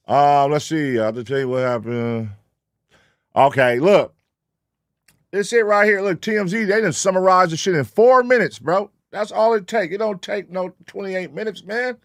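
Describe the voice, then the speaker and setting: A man hosting a live reaction stream, talking in loud, profane, joking banter with his chat. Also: sits high, moderate pace, no room sound, clean studio sound. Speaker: reaction show host.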